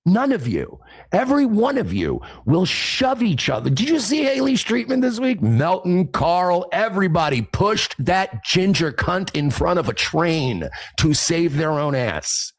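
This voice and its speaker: A man in a played clip lectures in an aggressive, tough-talking way. His slightly high voice swoops a lot as he rants. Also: big pitch swings, measured pace, breathy edge.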